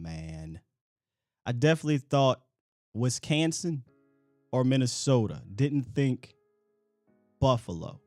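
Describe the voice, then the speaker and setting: A man's voice: medium pitch, no room sound. A man hosting a call-in sports talk show, chatting casually in slangy, joking talk.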